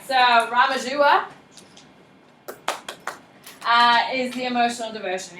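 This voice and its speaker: A woman's voice: mid-range voice, fairly bright tone, echoey room, slight background noise, poor audio. A woman teaching a lecture class, chatty and self-deprecating, often asking the class questions.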